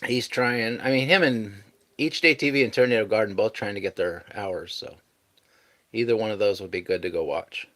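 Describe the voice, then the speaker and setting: A man's voice: fairly low pitch, normal speed, fairly bright tone. A man hosting a casual live stream, chatting easygoingly and thanking viewers as he reads out their messages.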